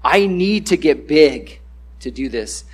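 A man's voice: a little high, lively intonation, slow pace. A man giving a casual, conversational sermon, acting out the voices he quotes.

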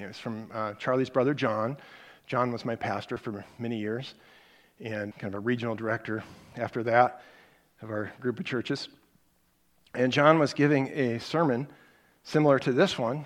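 Animated middle-aged man preaching. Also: mid-range voice. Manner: conversational, animated storytelling with acted quotes. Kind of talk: sermon.

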